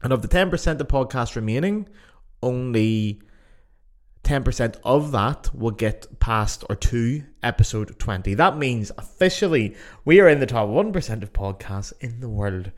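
A man's voice: medium pitch, lively intonation, normal speed. Jokey Irish man hosting a podcast. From Ireland. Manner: chatty, profane and jokey. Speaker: podcast host. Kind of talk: casual solo podcast chat. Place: home in Germany.

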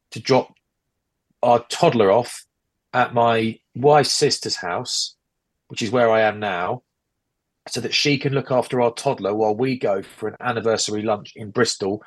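A man's voice: medium pitch, moderate pace. A British man in his forties on a casual podcast, rambling through an exasperated rant, recording on earbuds at a relative's house. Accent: British English. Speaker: podcast co-host. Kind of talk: casual chat. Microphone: AirPods earbuds.

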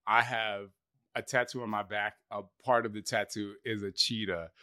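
A man hosting an interview with a bright, forceful tone and a fairly low pitch, jumping in eagerly with stories of his own. The sound is close and dry, with no room echo. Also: flat delivery, normal speed, clean tone. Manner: enthusiastic, eager to jump in. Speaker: interviewer host. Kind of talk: casual interview chat.

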